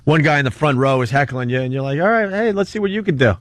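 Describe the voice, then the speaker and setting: Male radio host, mid-pitched, easygoing, recaps stories, dry close mic. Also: fast, no room sound. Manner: relaxed, recaps scenes to the guest. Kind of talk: casual talk radio interview.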